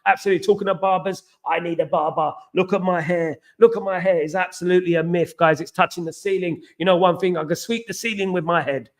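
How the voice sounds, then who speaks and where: An English man chats casually on a live stream, reading out viewer comments and answering them. He is animated and repetitive, full of banter and slang shout-outs. His voice sits a touch higher than most men's. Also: quick pace, few pauses. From England.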